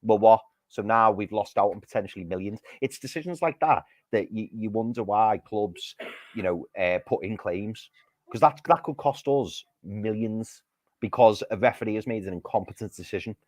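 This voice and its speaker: On a livestream from his living room, a football podcast co-host fumes after a match, swearing and hammering his points through repetition. His voice is lowish, his speed normal, and there's no room sound. The talk is heated post-match fan chat.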